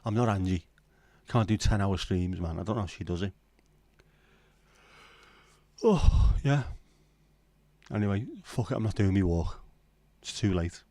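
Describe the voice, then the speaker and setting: A man's voice: deep voice, moderate pace, mellow, no echo. A middle-aged man hosting a casual late-night livestream, rambling and swearing as he bants with his chat from home. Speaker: livestream host.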